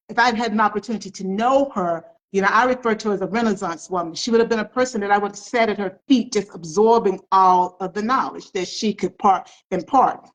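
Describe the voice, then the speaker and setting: A woman's voice: mid-range voice, low-quality recording. Emphatic middle-aged woman telling family stories. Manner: emphatic storyteller, repeats phrases for effect. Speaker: author. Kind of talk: storytelling in an interview.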